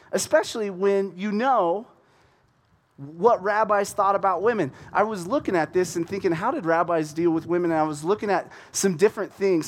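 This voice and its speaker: A man with a fairly high voice preaches a casual, conversational sermon. He is animated and often restarts his sentences. He acts out the people in his story as he goes.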